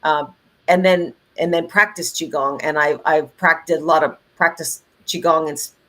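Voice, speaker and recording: A middle-aged woman co-hosting a podcast, chatting in an animated way with many fillers and restarts. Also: deep voice, normal speed. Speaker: podcast co-host. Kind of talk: casual conversational podcast chat.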